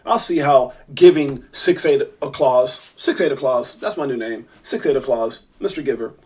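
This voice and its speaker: A man from Brooklyn hosting a casual crypto livestream. He gives effusive, grateful shout-outs and rambles with many fillers and restarts. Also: medium pitch, normal speed. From Brooklyn, New York. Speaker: crypto channel host.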